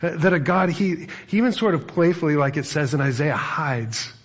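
A man's voice: a little high, normal speed, husky. Conversational man preaching a sermon. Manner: conversational, animated storytelling with asides. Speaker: pastor.

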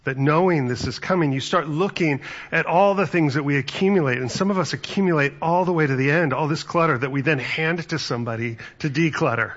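A man's voice: on the high side, a little fast, a bit bright, dull audio. A man giving a conversational sermon as pastor, telling stories and acting out quotes. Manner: conversational, storytelling with acted-out quotes.

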